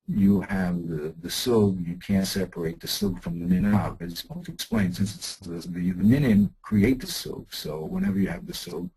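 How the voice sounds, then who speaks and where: Man, very deep voice, gravelly, husky, lively intonation, halting text lesson. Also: poor audio. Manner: halting, many restarts and fillers while explaining a text. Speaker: Talmud teacher.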